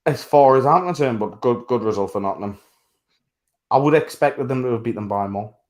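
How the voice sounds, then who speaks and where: A man co-hosting a casual sports podcast, talking bluntly, swearing freely and laughing loudly. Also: medium pitch, animated, a little fast. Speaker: podcast co-host.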